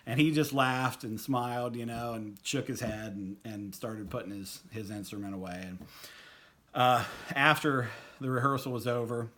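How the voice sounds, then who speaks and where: A middle-aged man telling a fond personal anecdote at a tribute, halting with many fillers and restarts. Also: mid-range voice, fairly even intonation, a bit bright. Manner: fond, reminiscing. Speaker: storyteller at a tribute.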